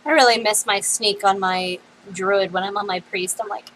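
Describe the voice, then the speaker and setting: An American woman streaming a game, chatting casually and telling stories with lots of little "um" pauses. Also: medium pitch, steady tone, fairly bright tone, a little hiss or hum, low-quality recording. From United States. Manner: chatty storyteller, many "um" pauses.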